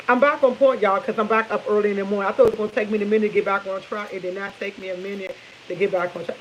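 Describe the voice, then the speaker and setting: A medium-pitched woman in her 50s chats with her viewers over morning coffee at home in the kitchen, telling stories with animated energy and calling them "y'all." The vlog is a low-quality recording with slight hiss or hum.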